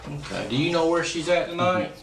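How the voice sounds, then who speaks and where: A man with a Southern US accent, a police detective asking calm, short questions in an interview. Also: on the high side, fairly quick. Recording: echoey room, distant mic, faint hiss.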